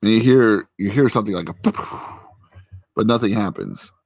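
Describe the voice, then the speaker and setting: With a fairly low, creaky voice, lively intonation, and a moderate pace, a man recaps a TV episode in a dry recording. This vlogger chats casually at his computer with a friend, rambling with many fillers and performing quotes.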